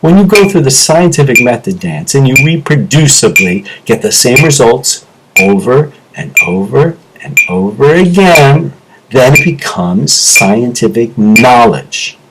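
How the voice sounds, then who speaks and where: A man's voice: medium pitch, very animated, a little slow, background noise. A middle-aged man hosting his own video, talking to camera in an impassioned, rambling monologue that jumps from topic to topic. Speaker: self-improvement video host. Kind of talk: animated solo monologue to camera.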